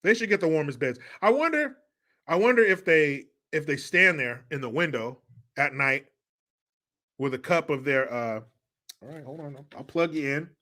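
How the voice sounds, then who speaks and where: Male stream host for a sarcastic live rant; high voice, heavy mockery, swears freely. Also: expressive, moderate pace, bright, forceful tone. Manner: sarcastic, mocking, profane ranting. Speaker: livestream commentary host.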